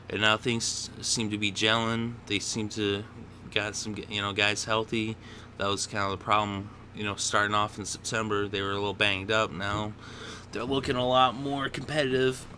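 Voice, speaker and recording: A man's voice: fairly low pitch, pushed and bright, slight background noise. A man hosting a solo football picks show, opinionated and prone to worked-up rants. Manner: opinionated, gets worked up and ranting. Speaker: sports picks host. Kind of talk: solo sports commentary.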